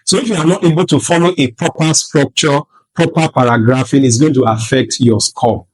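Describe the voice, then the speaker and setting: A man teaches in a classroom manner, pausing to ask if his students follow. He repeats and rephrases each point slowly for emphasis. His voice sits at a middling pitch. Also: slightly rough, poor audio. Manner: checks in often with rhetorical "All right?" and "Do you understand?". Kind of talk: classroom-style lesson.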